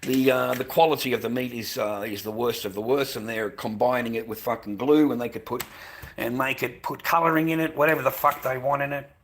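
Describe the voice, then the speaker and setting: An Australian man venting straight to the camera in a loose, unscripted vlog rant. His pitch sits in the ordinary male middle, and his talk is rambling and crude, padded with "um," "you know" and "mate." He restarts often and keeps a casual, everyday delivery. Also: fairly even intonation, fairly quick, a bit bright, slight background noise. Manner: profane, rambling, with frequent fillers and repeated "mate". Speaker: vlogger.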